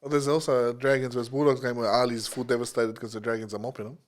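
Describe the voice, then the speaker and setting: A man's voice: medium pitch, little pitch movement, fast. A young man, co-hosting a casual podcast in a laid-back way and laughing often. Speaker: podcast co-host. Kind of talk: casual chat, storytelling.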